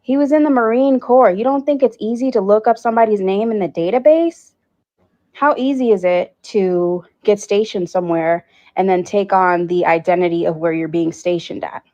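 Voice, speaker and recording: A woman's voice: mid-range voice, normal speed, mellow, lo-fi sound. A woman ranting bluntly and indignantly in a reaction clip, swearing freely. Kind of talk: reaction rant.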